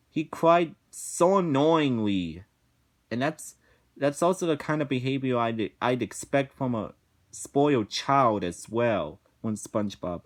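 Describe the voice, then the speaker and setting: A man giving a casual review rant, talking slowly with frequent restarts, repetitions and swearing. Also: medium pitch. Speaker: episode reviewer.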